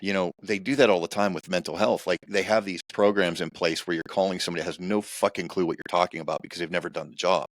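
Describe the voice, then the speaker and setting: Very deep-voiced male podcast host. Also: steady tone, quick pace, hardly any pauses, no echo. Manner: plain-spoken, profane. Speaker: podcast host, former police officer. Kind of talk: casual podcast chat.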